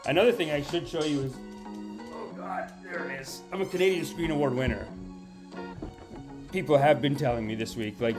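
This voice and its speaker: A man's voice: a little high, moderate pace, long pauses, music in the background. A man hosting a comedic live-stream podcast, rambling and ironically boastful as he chats with viewers and reads their names.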